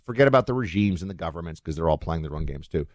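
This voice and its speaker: Chatty low-voiced male host. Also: racing, no room sound. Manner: animated, chatty, many fillers and restarts. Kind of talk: opinionated commentary.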